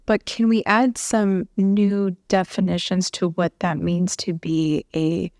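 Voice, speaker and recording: Gravelly-voiced woman explaining psychology. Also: lowish voice, flat delivery, takes it slowly, a little mellow, dry recording, studio quality. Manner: explanatory, says "right?" often, thinks aloud with "um". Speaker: psychologist guest. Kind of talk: casual conversation.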